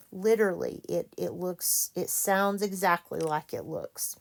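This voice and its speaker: Woman, teacher, slow patient delivery, low voice with a gravelly edge. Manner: slow, patient, self-correcting. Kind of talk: classroom reading lesson.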